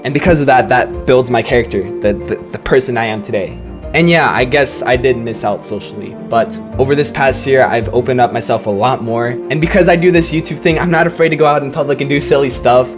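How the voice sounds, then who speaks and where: Young guy talking thoughtfully in a voiceover, mid-pitched voice, soft guitar music behind. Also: fairly quick. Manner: earnest, rambling, thoughtful. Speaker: vlogger. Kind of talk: reflective voice-over.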